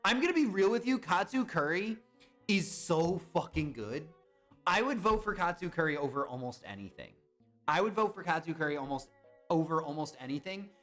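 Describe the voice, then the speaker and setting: A young man chatting casually on a live stream, excitable and swearing when he guesses wrong. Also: a little high, normal speed, soft background music. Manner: excitable, swears and yelps at misses.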